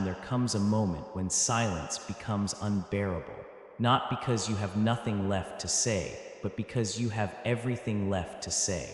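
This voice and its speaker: Guy doing dramatic motivational narration, lowish voice, big echoey hall reverb, slow punchy phrases. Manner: slow, emphatic, in short clipped phrases with pauses. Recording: heavy echo with long hall reverb.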